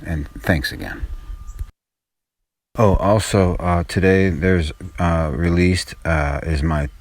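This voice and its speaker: A man's voice: sits low, fairly even intonation, takes it slowly, no room sound. A man, a musician guest, chatting casually in a car in a rambling, profane way. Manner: rambling, profane, laughs at himself. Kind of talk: casual chat.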